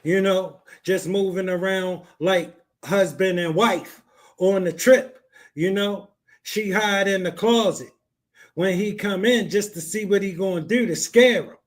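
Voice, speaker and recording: A man's voice: high voice, a little slow. A man hosting a podcast, giving blunt, slangy commentary on a clip. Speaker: podcast host.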